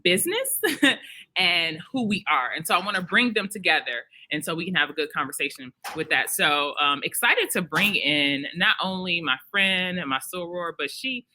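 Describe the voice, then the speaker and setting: A woman from Detroit hosts a live podcast at an expo, talking in a bright, ringing voice. She is chatty and animated, laughing often and slipping into bits of song. Her talk is loose and friendly. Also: on the low side, normal speed, low-quality recording. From Detroit, Michigan. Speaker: podcast host. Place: expo venue.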